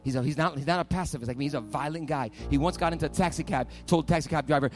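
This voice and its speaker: Male pastor, sermon, fairly high voice, animated storytelling, soft music underneath. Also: racing, hardly any pauses. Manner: animated storytelling, rising to loud preaching.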